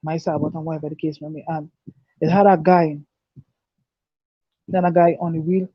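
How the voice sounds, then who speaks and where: A man giving an earnest, halting personal testimony, repeating and restarting his words. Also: a little high, flat delivery, no room sound. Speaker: guest telling his life story. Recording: dull dry lo-fi recording.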